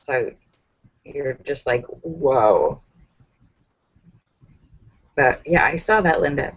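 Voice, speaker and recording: A woman's voice: very deep voice, expressive, extremely slow, husky. A woman hosting a casual live stream, giggling often and chatting with viewers through fillers and restarts. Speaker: live stream host reading viewer comments. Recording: slightly dull lo-fi stream audio.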